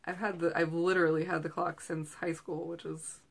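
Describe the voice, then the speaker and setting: Gravelly and fairly low, with a level tone, a thirtysomething woman talks fairly quickly as a host and direct seller. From a small room at home, she drifts through tangents in casual chat, using plenty of fillers.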